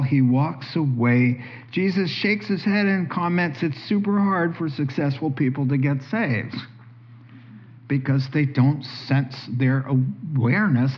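Animated male preacher, dull lo-fi sound. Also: mid-range voice. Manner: animated storytelling, acts out dialogue. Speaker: pastor. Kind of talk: sermon.

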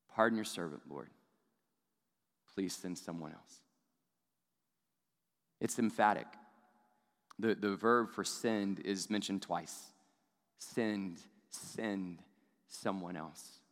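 A man's voice: lowish voice, fairly bright tone, big-room sound. A man and father preaching a sermon in a conversational way, often tossing in rhetorical "right?" asides. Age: adult parent of young children. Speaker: pastor.

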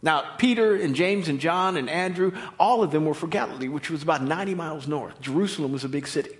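A man with an American accent preaching a sermon in an emphatic, expressive delivery. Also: on the high side, fast.

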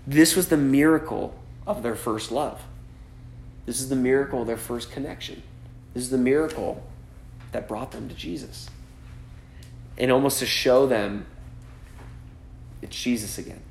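A man's voice: medium pitch, normal speed, pauses often, a little mellow. Casual preaching man in an echoey room. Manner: conversational preaching, many "right?" and "like" asides. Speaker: pastor. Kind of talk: sermon. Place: church gathering.

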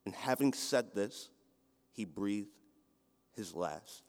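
Slow earnest man in a reverberant hall. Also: lowish voice, animated, a little mellow. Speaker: speaker reading scripture. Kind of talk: scripture reading and personal testimony.

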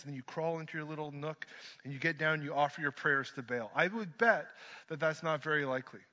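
A man preaching a sermon, swinging from hushed lines to loud ones and mixing in joking asides. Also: fairly high pitch, fairly even intonation, fast. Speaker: pastor. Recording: dull lo-fi sermon recording.

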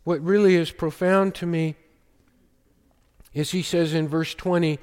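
A man preaching a sermon as pastor, slow and emphatic, often quoting scripture. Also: fairly high pitch, steady tone, darkish tone, smooth, long reverb tail.

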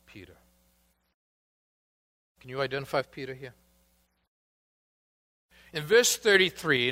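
A man preaching a sermon as pastor, reading scripture quotes aloud and moving between emphatic rises and quiet asides. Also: medium pitch, clear, resonant tone.

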